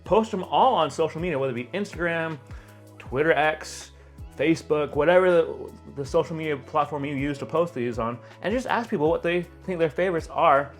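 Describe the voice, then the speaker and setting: A man, a photographer and video host, giving chatty, animated reaction commentary and laughing along. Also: a little high, fairly quick, soft background music.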